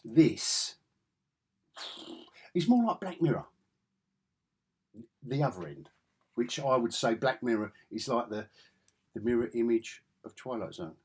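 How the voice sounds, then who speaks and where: Slow, husky English man. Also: medium pitch, big pitch swings. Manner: rambling, enthusiastic, self-correcting. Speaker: comic book reviewer. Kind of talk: casual review vlog.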